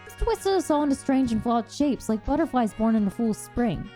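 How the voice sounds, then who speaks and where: A woman's voice: a little high, expressive, moderate pace, few pauses, mellow, faint music behind. Earnest, emotional woman reading a story aloud. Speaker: streamer reading a visual novel. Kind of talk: reading a visual novel aloud with reactions.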